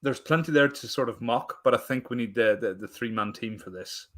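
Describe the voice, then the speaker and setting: A man co-hosting a podcast in loose, casual chat. He rambles, restarts his sentences and breaks into laughter often, at an ordinary middle pitch. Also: fairly quick, a bit bright. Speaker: podcast co-host.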